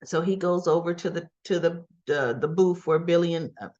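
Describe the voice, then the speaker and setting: A woman's voice: lowish voice, moderate pace, a little mellow, lo-fi sound. A woman in a casual, chatty recap vlog, retelling scenes and paraphrasing the dialogue. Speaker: soap opera recap vlogger.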